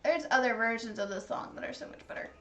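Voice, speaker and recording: A woman's voice: on the high side, fast talker, fairly bright tone. A woman hosting a livestream, chatting casually while eating, gushing and talkative with many "like"s. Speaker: livestream host.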